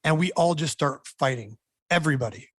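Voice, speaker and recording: Band member man, rambling animated storyteller, slightly high voice, dry close sound. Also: brisk, no echo. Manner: animated, repeats words, many restarts. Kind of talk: casual storytelling.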